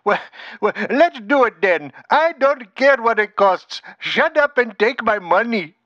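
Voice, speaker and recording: A man plays a gullible customer who gushes over every offer, his voice high and tense. The sound is dry and muffled. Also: animated, measured pace, sharp tone, dry recording, exaggerated voice. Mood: eager. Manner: gushing, easily won over. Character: eager, gullible male phone customer.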